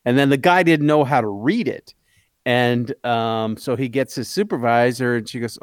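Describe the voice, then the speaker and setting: A man's voice: mid-range voice, normal speed, no echo, clean studio sound. A Canadian man co-hosting a radio morning show, telling stories in casual chat and acting out both sides of each exchange. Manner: animated, acts out both sides of his stories.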